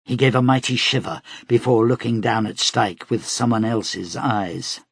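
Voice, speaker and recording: A male audiobook narrator reading in a slow, steady, dramatic way. His voice is gravelly and husky, and the recording sounds dry and close. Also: medium pitch, dry recording. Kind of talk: scripted narration.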